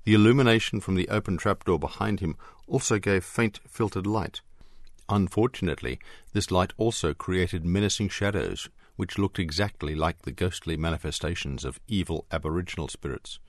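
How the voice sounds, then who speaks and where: A man reading an audiobook in a measured, expressive scripted narration. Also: sits low, dry recording, clean studio sound.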